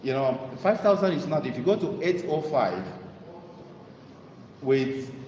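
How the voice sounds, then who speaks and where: A man giving a motivational talk to an audience, telling stories and pitching his mentorship. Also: a little slow, a little hiss or hum. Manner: animated storytelling, sales pitch. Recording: echoey hall with long reverb.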